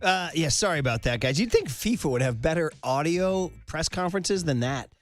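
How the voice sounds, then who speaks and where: Male sports radio host, slightly high voice, animated, jokey, slangy, faint music behind. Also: brisk, no echo. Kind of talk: casual sports talk radio chat.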